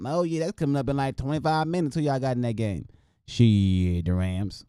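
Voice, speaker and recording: A man's voice: medium pitch, steady tone, normal speed, mellow, smooth, dry recording, clean studio sound. A young man hosting a sports podcast, talking casually and loosely, joking and swearing a lot as he runs through games. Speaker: podcast host.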